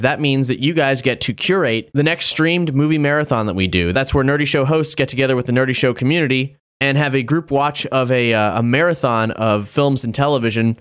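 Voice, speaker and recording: Brief: male podcast host, mid-pitched, upbeat casual delivery, reads listener notes. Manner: upbeat, reads supporter names and messages.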